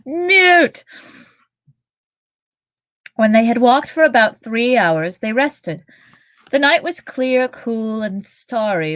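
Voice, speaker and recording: A woman co-hosting a podcast reads a novel aloud in a steady, mid-pitched voice. Between passages she chats easily and laughs often. Her voice is close and dry. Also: no room sound. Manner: steady reading, giggly in chat. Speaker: podcast co-host and reader. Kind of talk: reading a novel aloud with chat.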